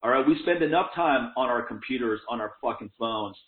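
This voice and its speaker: A man's voice: mid-range voice, fairly quick. A man talking in a casual, profane, fired-up way, swearing often and laughing as he talks. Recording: tinny phone-like echoey sound.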